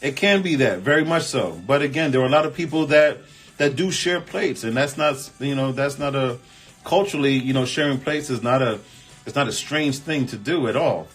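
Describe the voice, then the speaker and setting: A man hosting a casual relationship advice chat, reading viewer comments and answering in an animated, emphatic, colloquial way. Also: mid-range voice, moderate pace, breathy edge, faint music behind. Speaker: host.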